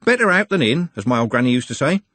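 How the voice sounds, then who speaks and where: Brief: male narrator as cheerful young working man, quick and robust, husky, dry. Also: medium pitch, big pitch swings, fairly bright tone, dry recording, voice pushed up. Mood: cheery. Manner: robust, chatty.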